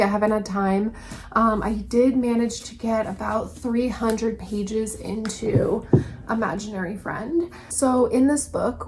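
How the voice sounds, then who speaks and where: A woman's voice: mid-range voice, a little hiss or hum. A woman vlogging book reviews in a casual, blunt way, swearing often and full of fillers.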